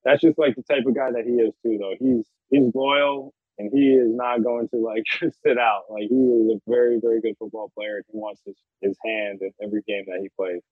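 Male athlete guest, thirties, relaxed storyteller, husky voice over a tinny phone line. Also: mid-range voice, fairly quick, few pauses, no room sound. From South Florida. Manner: laid-back, storytelling, laughs often. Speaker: guest, NFL punter. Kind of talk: casual interview chat.

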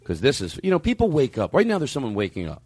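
A man's voice: mid-range voice, huge pitch swings, fast, noisy background. A middle-aged man hosting a comedy podcast, telling rambling, profane, self-mocking stories. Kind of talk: rambling comic monologue.

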